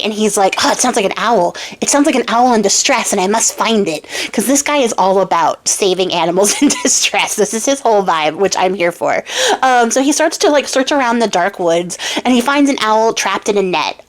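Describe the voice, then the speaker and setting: Chatty young woman retelling a fairy tale. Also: mid-range voice. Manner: chatty, slangy, laughs often. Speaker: YouTube storyteller.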